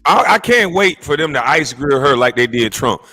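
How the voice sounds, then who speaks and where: A man's voice: medium pitch, normal speed. Guy ranting over clips, mocking and fired up, voice jumps all over, faint music behind. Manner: animated, indignant, mocking. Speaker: host reacting to clips. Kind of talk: casual commentary.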